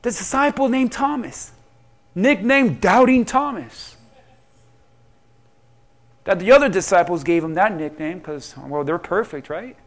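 A male pastor delivers a sermon with a very high voice and a slow, unhurried pace. He acts out prayers and scripture figures in quoted speech. His delivery swings from loud pleading to hushed asides. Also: animated.

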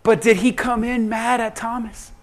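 A man preaching a sermon, acting out prayers and Bible figures, swinging between loud pleading and hushed asides. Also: very high voice, little pitch movement, normal speed. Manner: acts out prayers and Bible figures in quoted speech. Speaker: pastor.

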